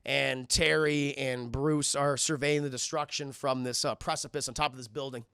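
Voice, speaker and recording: A man giving a casual, excitable and profane commentary as a cartoon reviewer, often talking to his chat. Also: medium pitch, moderate pace, vocal fry, clear, resonant tone, dry recording, studio quality.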